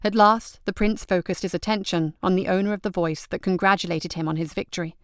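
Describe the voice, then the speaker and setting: A woman reading a fantasy story as scripted narration, measured and even. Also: fairly low pitch, no room sound, clean studio sound. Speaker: audiobook reader.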